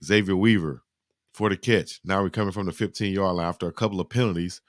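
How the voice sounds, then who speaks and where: A man hosting a live football highlight reaction, giving animated, slangy play-by-play and talking to his chat. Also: quick pace, dry recording, clean studio sound. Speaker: sports reaction host.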